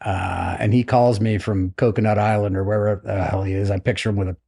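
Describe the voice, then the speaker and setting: On a podcast, a middle-aged American man who retired as a naval flight officer tells his story casually, with a lowish voice, quick pace, and vocal fry. He's animated, acting out the voices of the people he quotes.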